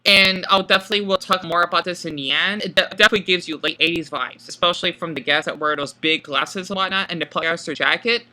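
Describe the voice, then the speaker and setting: A man talks through a film in a loose, casual commentary. His voice is very bright and sharp-edged. He keeps a flat, monotone delivery, pausing often and leaning on filler words. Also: sits high. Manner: self-described monotone, hesitant with many fillers. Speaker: video creator.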